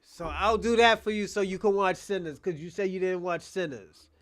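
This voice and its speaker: Reaction streamer, male, high and smooth voice, animated and profane, casual live commentary. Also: moderate pace. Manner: animated, loose and profane, talking to chat.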